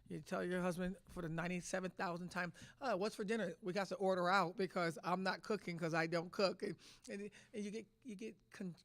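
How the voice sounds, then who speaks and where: A middle-aged woman, a head coach, fields press conference questions in an emotional, emphatic way, often restarting her sentences. Her voice is on the low side, with no room sound.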